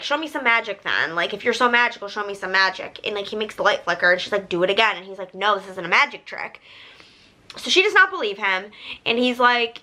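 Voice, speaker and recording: A woman's voice: a little high, sharp tone, rough recording. A young woman vlogging about books in a casual, chatty way, full of "like" fillers as she retells scenes. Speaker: book vlogger.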